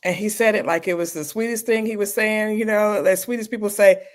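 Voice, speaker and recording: A woman's voice: medium pitch, steady tone, a little fast. A middle-aged woman doctor, a guest in an interview, telling personal stories candidly and acting out the people she quotes.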